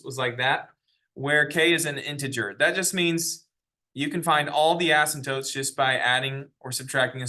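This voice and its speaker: A man teaching math in a classroom, with a bright, forward voice at an ordinary middle pitch. He explains step by step and breaks off to ask the class questions. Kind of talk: classroom lecture.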